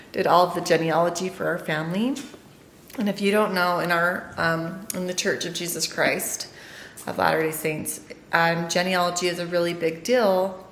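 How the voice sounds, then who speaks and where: A woman's voice: fairly low pitch, fairly bright tone. Chatty middle-aged woman in a roomy space. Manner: chatty, rambling, with many fillers. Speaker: family vlogger. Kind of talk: casual storytelling to camera. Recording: roomy sound with faint noise.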